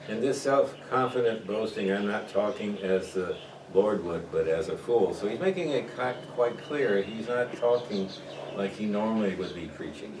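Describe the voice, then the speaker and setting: A man leading a church Bible study, talking conversationally and putting questions to the group. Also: fairly low pitch. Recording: echoey room, mic far off, noisy.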